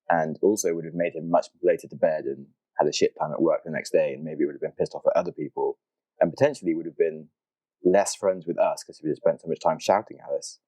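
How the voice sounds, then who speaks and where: A deep, warm-toned man hosts a podcast and tells a long anecdote in a relaxed, chatty way. He bursts into animated impressions of shocked friends. The sound is close and dry. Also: dry recording, low-quality recording. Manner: animated, acts out quoted reactions. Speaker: podcast host. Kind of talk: storytelling intro, casual.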